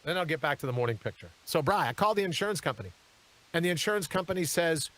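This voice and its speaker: A man hosting a live show from a studio, telling a story with lots of animation and acting out each character. His voice sits a little high for a man, and it rises and falls constantly as he talks. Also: rapid-fire. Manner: animated, acts out the people in his stories. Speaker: talk show host.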